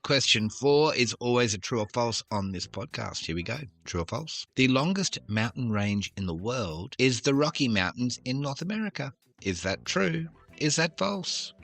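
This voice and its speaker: A man's voice: on the low side, fairly bright tone. A man hosting a trivia podcast, reading questions with jokey, self-deprecating asides. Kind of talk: casual quiz podcast.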